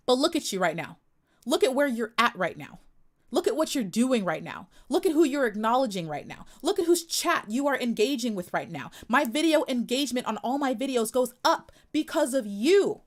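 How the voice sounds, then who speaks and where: Young woman streamer from the US, slightly high-pitched, sharp and sassy, scolds her chat head-on. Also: big pitch swings, brisk. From United States. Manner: sassy, confrontational, emphatic repetition. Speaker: livestream host. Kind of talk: live stream chat commentary.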